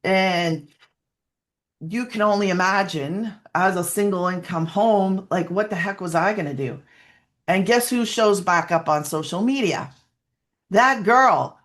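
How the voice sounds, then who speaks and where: Guest, woman, mid pitch; heartfelt testimony, halting and tearful at moments. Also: fairly bright tone. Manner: earnest, tearful at times, lots of fillers and restarts. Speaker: guest sharing her story. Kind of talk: emotional personal testimony.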